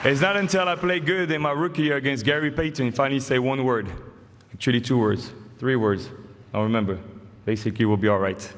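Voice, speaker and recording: A man with a French accent delivers a good-humored acceptance speech, spinning stories about his teammates. His voice sits at an ordinary pitch and rings out with the long reverb of a big hall. A faint murmur of ambience lies underneath. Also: quick pace, a bit bright, slight background noise. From France. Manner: joking, storytelling. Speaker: honoree giving an induction speech. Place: large hall.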